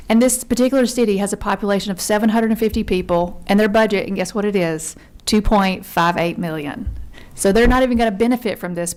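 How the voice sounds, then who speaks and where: A woman from Georgia testifies before a legislative committee in an earnest, conversational way, dropping a friendly y'all now and then. She talks quickly and keeps going without pause, in a voice of middling pitch for a woman. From Georgia, USA. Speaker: member service consultant testifying to a committee.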